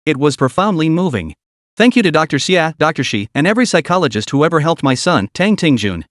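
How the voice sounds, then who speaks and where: A composed, remorseful businesswoman chairman, put on by a male narrator in a storybook recap. She speaks calmly and earnestly, fairly high and very lively in pitch. The sound is dry and close. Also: a little fast, dry recording. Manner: calm, earnest public speaking.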